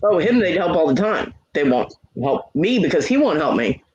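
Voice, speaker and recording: A man's voice: a little high, big pitch swings, normal speed, a little mellow. A man hosting a casual livestream chat, venting in a profane, aggrieved way. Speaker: livestream host. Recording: dull lo-fi stream audio.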